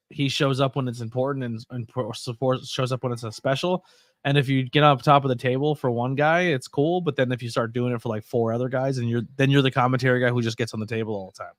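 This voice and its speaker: A man's voice: mid-range voice, a bit bright, no room sound, clean studio sound. Laid-back man hosting a livestream. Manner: chatty, laid-back, laughs at own stories. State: sleepy, yawning. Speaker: livestream host. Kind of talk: casual chat watching wrestling.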